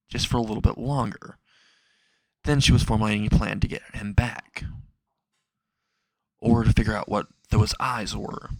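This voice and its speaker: A man's voice: mid-range voice, creaky, dry recording, rough recording. A man reading a fan fiction story aloud, unscripted, with restarts, and putting some feeling into the characters' quoted lines.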